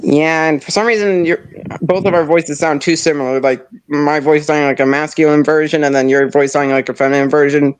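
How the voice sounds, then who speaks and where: A man's voice: fairly high pitch, flat delivery, fairly quick, smooth. Young man with a stuffy nasal voice. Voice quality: slightly nasal. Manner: rambling, many restarts and "like". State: stuffed-up nose. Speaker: streamer. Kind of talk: casual chat.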